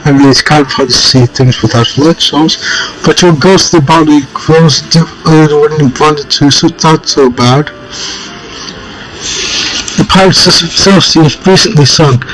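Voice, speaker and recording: A man's voice: fairly high pitch, a little slow, music in the background, low-quality recording. A man casually narrating his playthrough of a text adventure game, reading choices aloud with wry asides. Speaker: gameplay narrator. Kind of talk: casual let's-play commentary.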